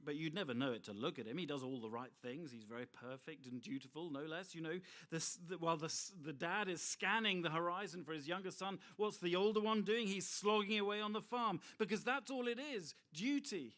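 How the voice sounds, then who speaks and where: A middle-aged man preaching a sermon, expressive and full of rhetorical asides to his listeners. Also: on the high side, fairly quick, few pauses.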